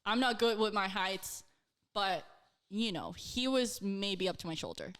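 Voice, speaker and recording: Her voice is mid-range, clear and resonant, and she takes a measured pace as she animatedly recounts a story on the casual talk show she co-hosts. She peppers it with "like," curses without hesitation and performs the quoted lines herself.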